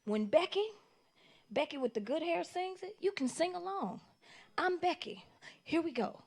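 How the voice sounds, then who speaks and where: A woman doing live stand-up comedy in an animated, conversational way, playing to the audience. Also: very high voice, moderate pace.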